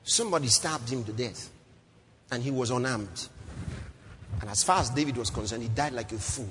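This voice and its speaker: A man preaching a sermon as pastor, swinging from low murmurs to shouts and repeating phrases for emphasis. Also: expressive, normal speed, long pauses. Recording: long hall reverb, faint noise.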